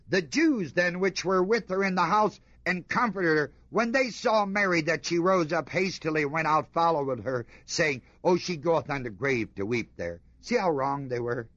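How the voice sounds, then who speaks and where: A man preaching a sermon, reading scripture aloud and commenting on it with emphatic rhetorical questions, dropping to a hush and then rising with fervor. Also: a little high, animated, unhurried, no room sound, highs cut off. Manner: emphatic, rhetorical questions to the congregation, swings between hushed and fervent.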